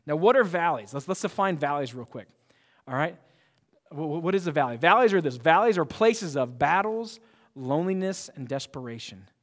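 Male pastor, slightly high voice, animated sermon with hushed and loud swings and many restarts; long church-hall reverb. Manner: repeats words and restarts often. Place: church auditorium.

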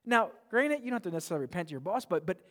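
Rapid-fire and very animated, a male pastor's high-pitched, fairly bright voice fills a church sanctuary with a long, large-hall reverb. He preaches earnestly and emphatically, frequently repeating words for emphasis.

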